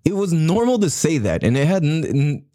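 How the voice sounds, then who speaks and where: A man's voice: fairly high pitch, big pitch swings, warm tone, dry recording, clean studio sound. A man in a casual, rambling monologue who swears a lot, laughs often and keeps checking in with his listener. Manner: rambling, profane, laughing, slips into quick impressions.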